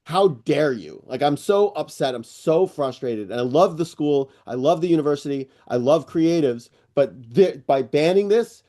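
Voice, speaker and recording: A middle-aged man hosting an online AI news session, rambling and excitable, with lots of fillers and restarts. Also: on the high side. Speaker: host presenting AI news. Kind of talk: casual screen-share walkthrough on a live call.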